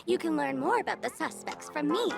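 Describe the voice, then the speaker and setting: A woman voicing a fussy, theatrical talking dog in a video game, with a grating, gravelly high voice. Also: expressive, fairly quick, over loud music, exaggerated voice. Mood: briefing.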